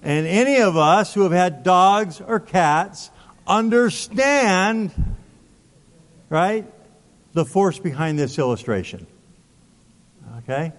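A man's voice: sits high, animated, slow pace, pauses often. A male pastor preaching a sermon, emphatic, asking rhetorical questions and repeating words. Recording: long hall reverb.

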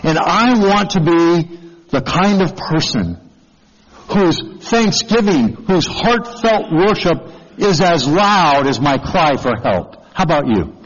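Slow, earnest male preacher in a hall. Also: a little high, lively intonation, husky, highs cut off. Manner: earnest, asks the congregation questions. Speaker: pastor. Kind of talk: sermon.

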